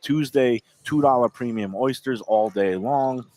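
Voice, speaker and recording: A man's voice: medium pitch, a little slow, darkish tone. A man with a New York accent hosting a casual chat about food, reading out deals and details. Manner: chatty, reads out deals and details. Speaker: show host.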